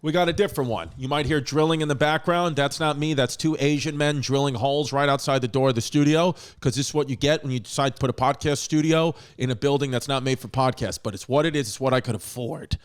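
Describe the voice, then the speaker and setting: A man's voice: medium pitch, steady tone, quick pace, few pauses, clean tone. A man hosting a podcast in a casual, joking manner, rattling off dates and teasing his guest. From United States. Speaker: podcast host.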